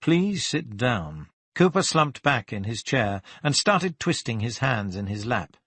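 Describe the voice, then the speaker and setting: A male audiobook narrator with a mid-range voice reads a crime story in an even, measured way. The sound is close and dry, with no room around it. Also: mid-range voice, husky, no echo. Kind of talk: scripted narration of a crime novel.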